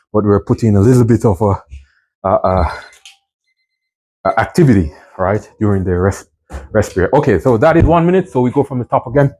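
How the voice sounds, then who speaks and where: A male fitness instructor coaches a home workout while doing it himself, counting reps aloud and checking in with "right?" and "okay?" as exercise strains his voice. His voice is lowish and dark in tone, and the audio quality is poor.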